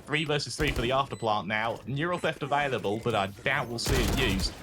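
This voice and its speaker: A man casting an esports match, giving brisk play-by-play and joking with his co-caster. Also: mid-range voice, heavy background noise. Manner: joking, puts on a mock Australian voice. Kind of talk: play-by-play commentary.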